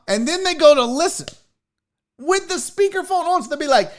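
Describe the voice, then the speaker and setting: Animated, profane man hosting a rant. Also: very high-pitched, moderate pace. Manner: profane, exasperated, animated storytelling. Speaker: show host. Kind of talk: casual comedic rant, reading viewer comments.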